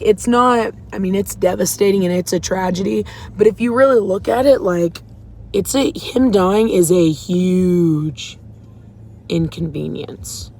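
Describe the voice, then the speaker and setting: Her mid-range voice is gravelly and a little mellow, with slight background noise. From a parked car in a parking lot, this faith vlogger opens up emotionally about her faith, rambling slightly in a casual confessional vlog.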